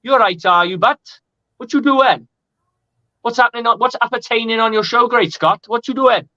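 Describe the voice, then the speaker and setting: A man's voice: very high voice, normal speed, sharp tone, no echo, muffled recording, pitched above the performer's own voice. A man doing a cheerful, chatty Welsh man, all friendly questions and casual swearing. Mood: chummy.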